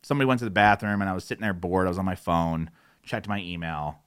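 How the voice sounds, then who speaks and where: A man's voice: low-pitched, fast talker, clear, resonant tone. Man ranting casually through a web tutorial. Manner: candid, exasperated, acts out quoted voices. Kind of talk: casual explainer with rants. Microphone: isolated studio microphone.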